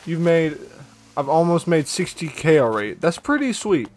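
A man's voice: on the high side, sing-song, normal speed, darkish tone. A young man chatting casually with his viewers while he plays a game and reads their messages, upbeat and slangy. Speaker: gaming streamer. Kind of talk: casual live-stream chat while playing.

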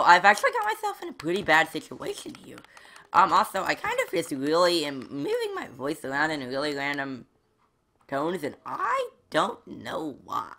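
A woman's voice: deep voice, huge pitch swings, normal speed, bright, forceful tone. A woman giving rambling let's play commentary as a gaming channel host, talking to herself as she plays and breaking into sudden squeals and yelps. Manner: chatty, rambling, talks to herself while playing.

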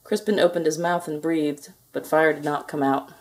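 A woman reads a children's storybook aloud, lively and expressive. Her voice is mellow and soft, with a breathy edge. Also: deep voice, moderate pace. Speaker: storybook reader.

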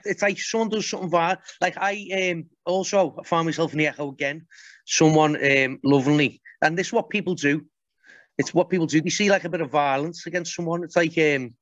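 A man's voice: fairly high pitch, no echo. A man, a podcast guest telling stories in casual chat, blunt and sweary. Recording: dull, muffled podcast audio.

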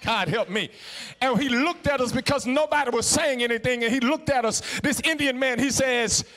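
A middle-aged man with a Southern US accent preaching in a Black church, emphatic, stammering repeats, a sing-song cadence that swings from hushed to shouting. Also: very high-pitched, normal speed, long reverb tail. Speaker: guest preacher. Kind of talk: Black church sermon with call and response. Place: church sanctuary.

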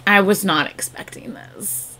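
A woman hosting a reaction video, chatting casually and gushing excitedly with lots of fillers. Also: medium pitch, measured pace, a loud crowd.

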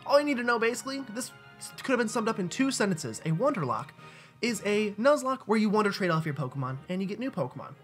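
A man's voice: high voice, sing-song, fast, fairly bright tone, soft background music. Give me a rambling young gamer guy. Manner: rambling, joking, lots of fillers. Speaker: let's play gamer. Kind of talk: casual game commentary.

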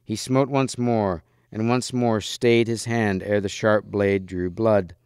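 A man narrating a storybook in a measured, expressive voice. His tone is low-pitched, smooth and resonant. The sound is close and dry, with no room echo. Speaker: reader. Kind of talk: storybook read-aloud.

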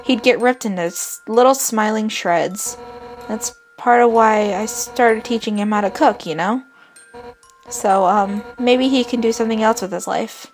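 A woman voicing a brash, hot-headed female fish warrior captain from a video game, blunt and boastful with gruff outbursts. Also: a little high, unhurried, soft background music. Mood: earnest. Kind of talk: reading game dialogue aloud.

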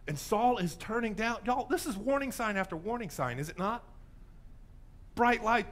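A man's voice: high-pitched, animated, normal speed, fairly bright tone. A man preaching a sermon as pastor, telling a story with playful voices and asides.

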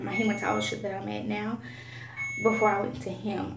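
A young woman tells a personal story casually and a bit out of breath, her speech wandering through fillers and restarts. She sits away from the mic in an echoey room, with clear noise behind her. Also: mid-range voice, far from the mic. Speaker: vlogger.

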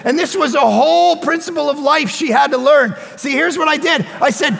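Man, pastor, sermon, animated storytelling, bright edgy tone, long church reverb. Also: very high-pitched, moderate pace, gravelly, few pauses, slight background noise. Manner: animated storyteller, bursts of shouting. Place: church sanctuary.

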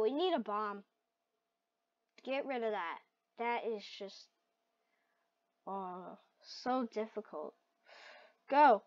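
Woman, gameplay commentary, excitable, slow-paced talk, dull lo-fi recording. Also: mid-range voice. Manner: excitable, shrieks and laughs at close calls. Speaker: gaming video host. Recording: dull lo-fi mic.

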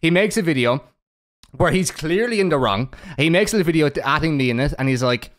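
A man hosting a casual podcast chat, ranting with heavy swearing and quick to laugh. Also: on the high side, expressive. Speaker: podcast host.

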